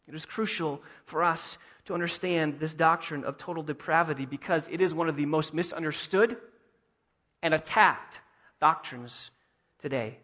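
High-voiced man preaching a sermon. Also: normal speed, pushed and bright, highs cut off. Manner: earnest, emphatic preaching with repetition. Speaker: pastor. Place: church sanctuary.

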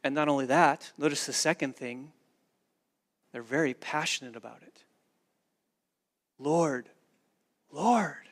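A pastor with a mid-range, slightly bright voice delivers a sermon at normal speed with fairly even intonation. He's earnest and emphatic, hammering his points home through repeated phrases.

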